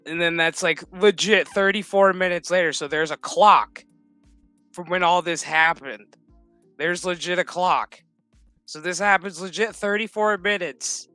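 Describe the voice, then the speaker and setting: A man with a slightly high, bright, forceful voice gives a loose, foul-mouthed recap of a TV episode, wandering off track and chuckling along the way. The sound is close and dry, with faint music running underneath. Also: steady tone, measured pace, clean tone, dry recording. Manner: rambling, profane, laughs often. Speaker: streamer. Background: background music.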